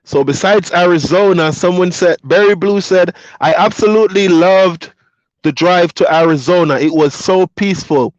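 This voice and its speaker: A man's voice: sits high, moderate pace, no room sound. A man from Jamaica with a Jamaican accent, whose first language is Patois, casually reading viewer comments aloud and chatting back on a livestream. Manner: reads viewer comments aloud and chats back, easygoing, laughs often. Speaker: truck driver streamer. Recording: dull lo-fi dry sound.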